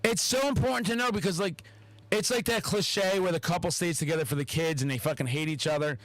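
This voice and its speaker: High-voiced, expressive man on a podcast. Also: brisk, no room sound, poor audio. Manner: animated, heavy swearing, acts out quotes. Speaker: podcast host. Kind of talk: casual podcast chat.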